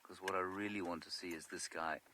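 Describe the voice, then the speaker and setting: A man guiding a live safari drive outdoors, talking in a hushed, amused, wry way and often whispering. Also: low voice, fairly even intonation, brisk, background noise. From South Africa. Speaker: safari guide presenting a live game drive. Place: open game-drive vehicle outdoors in the bush.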